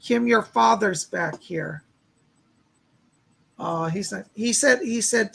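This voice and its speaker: Gravelly-voiced man giving psychic readings. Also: high voice, unhurried, long pauses. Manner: relays spirit messages with constant "he said" asides; talks listeners through a meditation in calm steps. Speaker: psychic medium. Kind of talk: live-stream psychic readings and guided visualization.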